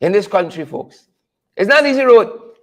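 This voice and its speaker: A man's voice: high-pitched, big pitch swings, moderate pace, fairly bright tone. A Guyanese man hosting a commentary show, preaching and exclaiming with heavy repetition for emphasis. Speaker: show host. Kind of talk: impassioned commentary.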